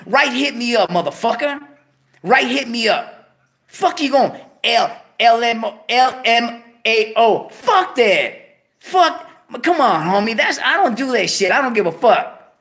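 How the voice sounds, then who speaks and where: A man's voice: very high voice, measured pace, gravelly. Swaggering man ranting in heavy slang. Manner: swaggering street slang, heavy cursing, animated outbursts. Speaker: show host. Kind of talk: casual profane rant to viewers.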